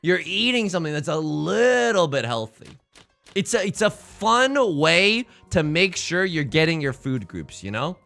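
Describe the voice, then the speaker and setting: Lively, bright-voiced male streamer. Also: fairly high pitch, measured pace, creaky. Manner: jokey, rambling, repeats his own phrases; greets chat by name mid-sentence. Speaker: live streamer. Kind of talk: casual stream chat with gameplay commentary.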